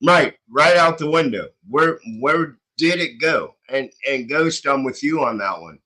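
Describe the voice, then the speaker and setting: Slow-talking agreeable man. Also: fairly high pitch, lively intonation, bright, forceful tone, rough recording. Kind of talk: casual chat.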